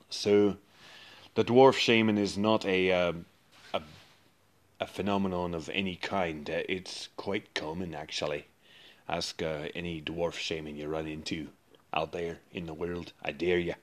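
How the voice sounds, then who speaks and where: A boisterous dwarf shaman who loves a drink and a brawl, as a man puts him on. He rolls out his lines in a thick put-on Scottish accent with a low, booming voice. He jokes and swaggers through his role-play monologue. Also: fairly even intonation, moderate pace, close to an everyday voice. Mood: swaggering.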